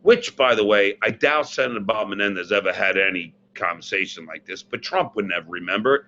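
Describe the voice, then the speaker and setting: A man telling a long prank story in casual chat, animated and self-mocking, recorded on his computer mic. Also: on the low side, fairly quick, lo-fi sound, a little hiss or hum. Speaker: podcast guest, former radio personality. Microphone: computer mic, not the podcast mic.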